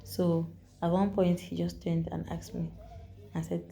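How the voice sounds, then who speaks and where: A woman with a Nigerian accent telling a story to the camera in a chatty, animated vlog, repeating herself and adding asides. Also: lowish voice, unhurried, vocal fry. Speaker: vlogger.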